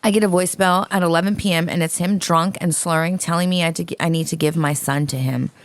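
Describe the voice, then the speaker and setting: A woman's voice: on the low side, steady tone, quick pace, no echo. A woman co-hosting a podcast, reading a listener's letter aloud in a blunt, profane, dramatic way.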